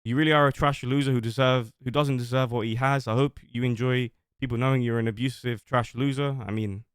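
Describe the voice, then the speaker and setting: A man streams from home, talking defensively and at length as he reads old messages aloud. His voice is smooth and resonant, sitting at an everyday middle pitch. The close mic leaves it dry, with almost no room sound. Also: fairly even intonation, fairly quick, no room sound. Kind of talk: livestream talk, reading out messages.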